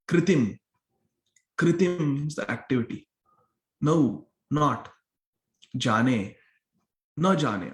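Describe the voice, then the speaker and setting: Man explaining scripture in an echoey hall. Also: mid-range voice. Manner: explains a verse word by word, repeating phrases for emphasis. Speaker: temple lecturer. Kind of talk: scripture class sermon. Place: temple hall. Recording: roomy echo of a hall.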